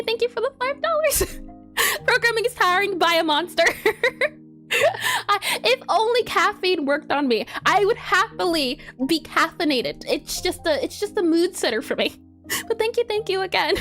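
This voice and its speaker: A woman's voice: very high-pitched, fairly bright tone. A woman game developer on a casual live coding stream, giggling often and explaining her steps as she thinks aloud.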